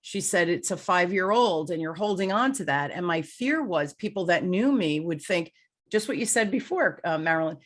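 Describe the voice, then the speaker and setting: A woman in her sixties from Newark, New Jersey, hosting a conversational interview and telling stories with animated quoted voices. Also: fairly low pitch, moderate pace. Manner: animated storyteller who acts out quoted voices. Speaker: podcast host.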